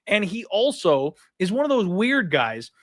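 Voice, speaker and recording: A man's voice: high voice, unhurried, no echo, studio quality. A man co-hosting a live stream, giving blunt, opinionated fight picks in casual chat. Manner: blunt, opinionated, animated with mock voices. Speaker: co-host, fight picks analyst.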